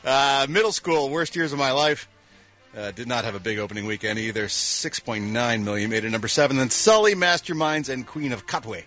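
A man's voice: mid-range voice, lively intonation, moderate pace, a bit bright, faint music behind. A man reading showbiz news on a morning radio show, wry and sarcastic, with punchy lines and mumbled asides.

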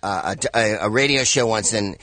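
A man's voice: fairly low pitch, normal speed, bright, forceful tone, no echo. A man, a comedian guest on a radio show, telling rambling, playful stories in casual chat.

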